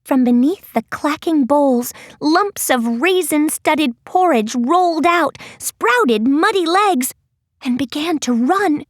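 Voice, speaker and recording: High-voiced lady reading a kids' fantasy audiobook, slow and expressive, dry close mic. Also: dry recording. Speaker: audiobook narrator. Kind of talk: scripted narration.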